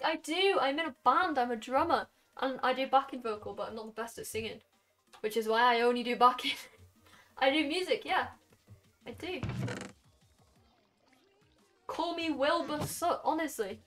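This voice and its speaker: A late-teen woman with a Welsh accent, chatting casually with her stream chat. Her voice sits a bit high, and she fires off quick asides. She sounds a little far from the mic, with faint music underneath. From Wales. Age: late teens. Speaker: game streamer. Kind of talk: casual live-stream chat while gaming.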